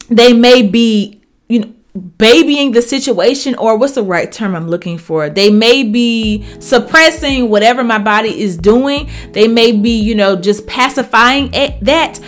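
A woman delivers a fervent sermon-style Bible teaching, her voice sitting a little high and rising and falling dramatically as she drives her points home. Her delivery is emphatic and personal, and soft music plays faintly behind her. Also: expressive, unhurried. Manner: fervent, emphatic, addresses listeners as y'all. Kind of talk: Bible reading with preaching commentary.

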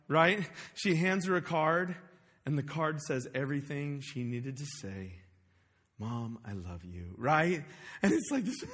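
Male pastor, high bright voice, casual and animated, shouts for emphasis, reverberant hall. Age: adult parent. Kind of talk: sermon. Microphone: wearing a microphone.

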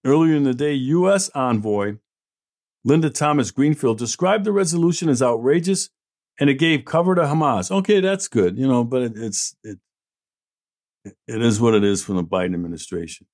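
A man's voice: medium pitch, expressive, normal speed, a little mellow. A middle-aged man hosting an opinion show, reading out news and answering it in a blunt, indignant, sarcastic way. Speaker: host. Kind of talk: opinion commentary.

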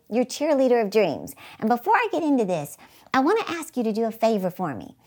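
A woman's voice: a little high, a little mellow. A woman hosting her channel, giving an upbeat, emphatic faith-based motivational talk and asking the viewer rhetorical questions. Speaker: inspirational speaker and channel host.

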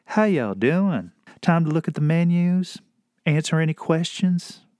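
A man voicing a gentle male server with a slow, soothing Southern US drawl. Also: a little high, animated, no room sound, clean studio sound, pitched above the performer's own voice. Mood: friendly.

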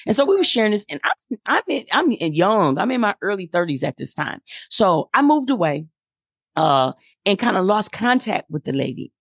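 A woman in her forties telling a personal story in a casual chat, acting out quoted dialogue with lively energy. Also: lowish voice, fairly quick, dry recording, clean studio sound.

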